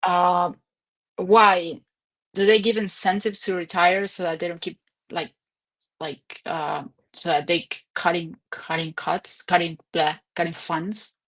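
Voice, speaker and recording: A woman's voice: on the low side, fairly even intonation, a little slow, fairly bright tone. Woman in her twenties or thirties, casual stream host, rambling chatty delivery, recorded at home. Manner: chatty, rambling, laughs often. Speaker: livestream host. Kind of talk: casual livestream chat.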